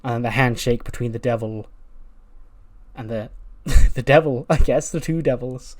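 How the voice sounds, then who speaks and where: A man's voice: medium pitch, normal speed. Chatty man narrating a game playthrough. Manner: chatty, laughs at own jokes, self-correcting. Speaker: game commentator. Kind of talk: casual narration of a wrestling sim playthrough.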